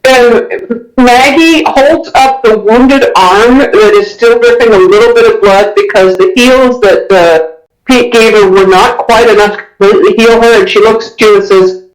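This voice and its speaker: A dungeon master narrates a tabletop role-playing session at a middling pitch. The telling is descriptive and loose, full of small restarts as the scene unfolds. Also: poor audio.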